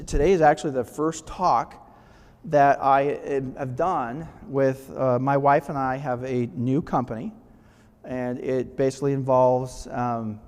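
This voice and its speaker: This man's medium-pitched voice is clear, resonant, and a little mellow. Speaking as a guest to a live audience, he delivers a casual motivational talk, frequently checking in and restarting phrases, amid long hall reverb.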